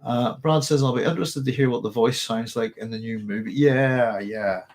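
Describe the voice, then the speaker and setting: A man's voice: medium pitch, moderate pace, darkish tone. A man hosting a live viewer Q&A stream, thinking aloud, thanking viewers and correcting himself as he goes. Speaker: host answering viewer questions.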